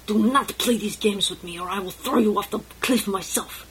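A woman's voice: mid-range voice, normal speed, slight background noise, lightly acted, poor audio. Caspian, a woman playing a proud young prince. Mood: threatening.

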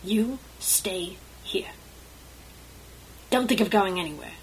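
A woman voicing a small, sly and nervous male creature who sneers and drops into hushed asides. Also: medium pitch, moderate pace, slight background noise, natural voice, low-quality recording. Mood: sneering.

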